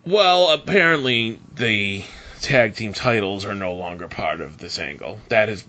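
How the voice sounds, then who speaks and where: Animated, bright-voiced man chatting casually. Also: fairly low pitch, measured pace. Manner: animated, laughs often, quotes others in mock voices. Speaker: podcast co-host. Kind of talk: casual chat.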